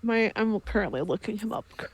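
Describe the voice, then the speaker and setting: A woman's voice: mid-range voice, expressive, brisk, husky. A woman chatting casually on a livestream, emotional and rambling with lots of fillers. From United States. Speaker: co-host.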